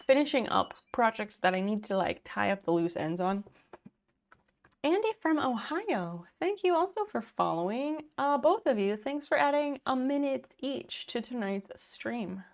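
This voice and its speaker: A woman's voice: on the high side, creaky. A woman livestreamer chatting casually at home, thanking viewers by name while sewing.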